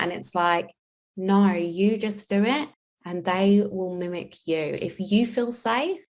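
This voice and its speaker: A woman's voice: mid-range voice, takes it slowly. A woman hosting a podcast conversation about parenting, talking in an earnest, reflective way as a mother. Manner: earnest and reflective, acting out quoted lines.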